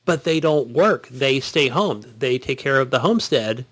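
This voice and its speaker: A man's voice: medium pitch, expressive, moderate pace, a bit bright, dry recording. A man co-hosting a gaming podcast, telling a rambling story in casual chat. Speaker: podcast co-host.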